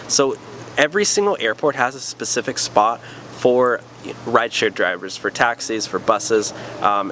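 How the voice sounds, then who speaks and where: A man's voice: medium pitch, fairly bright tone, slight background noise. A man hosting his own channel, giving casual tips as a rideshare driver, with many "um"s and "you know"s. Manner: chatty, lots of "um" and "you know", upbeat openers. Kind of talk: casual talking-head advice.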